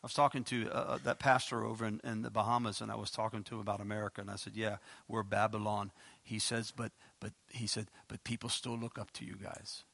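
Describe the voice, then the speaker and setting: Gravelly preacher with emphatic outbursts. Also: male voice, fast talker, no room sound. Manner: animated, emphatic bursts of high-pitched exclamation; frequent stammered restarts. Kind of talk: expository sermon.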